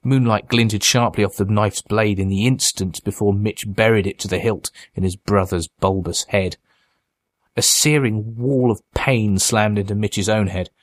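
A man narrating a horror story in a measured, dramatic audiobook reading. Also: fairly low pitch, no room sound.

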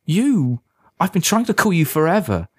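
A man's voice: fairly high pitch, sing-song, moderate pace, breathy edge, pitched above the performer's own voice. A man voicing a concerned teenage girl talking on the phone with a teasing manner. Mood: worried.

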